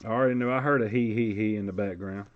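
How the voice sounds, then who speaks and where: A man's voice: fairly low pitch, steady tone, quick pace, highs cut off. A man hosting a live sports card break, calling out player names in a casual, chatty way.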